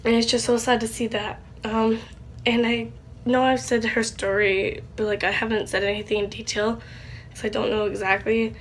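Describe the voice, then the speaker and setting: A young woman, likely a teen, talking in a casual vlog, rambling and halting with many fillers, tearful with a stuffy nose. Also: on the high side, level tone, a little hiss or hum. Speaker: channel host.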